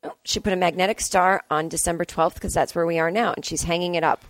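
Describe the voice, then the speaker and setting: A woman's voice: on the low side, fairly even intonation, fast talker, no echo. A woman giving casual, playful commentary on a movie at home, chatty and full of gushing exclamations. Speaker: vlogger. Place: family home indoors.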